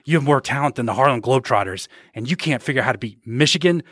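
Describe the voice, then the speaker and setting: A man's voice: medium pitch, lively intonation, quick pace, a bit bright, breathy edge, no echo, studio quality. A man co-hosting a podcast, ranting sarcastically in casual chat. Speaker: podcast co-host. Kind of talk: casual pop-culture chat.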